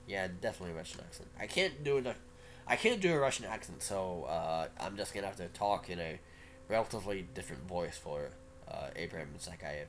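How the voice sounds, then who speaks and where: Low-voiced, lively male streamer. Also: a little fast, a little hiss or hum. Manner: casual, offhand asides. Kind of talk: reading a visual novel aloud.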